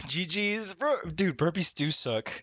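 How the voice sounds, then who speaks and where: A man livestreaming casually from his desk at home, laughing often, swearing and talking excitably to his chat. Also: sits high, takes it slowly, no room sound, muffled recording. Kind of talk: casual live-stream chat. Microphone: desk mic, wearing wired headphones.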